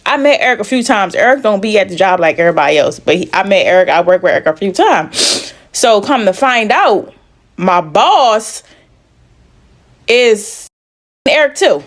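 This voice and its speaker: A woman truck driver telling her own story in casual chat. She is blunt and profane, acts out the dialogue, and pauses to catch her breath. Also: mid-range voice.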